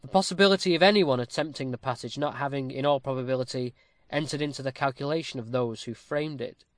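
A man reading a classic novel aloud with a steady, formal storytelling cadence, close to the mic. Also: mid-range voice, fast talker, no echo. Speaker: audiobook narrator. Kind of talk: scripted narration of a classic novel.

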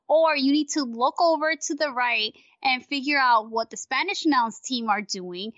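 A woman guest on a casual podcast, ranting in a rambling, profane, animated way. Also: high-pitched, normal speed, no room sound, lo-fi sound.

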